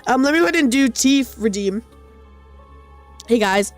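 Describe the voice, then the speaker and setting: A bubbly woman streamer chatting with her viewers as she plays, her voice sitting a little high and swinging widely in pitch. She talks in an excitable, giggly way into a desk mic, with faint game music underneath. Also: normal speed, pauses often. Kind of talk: casual game stream chat.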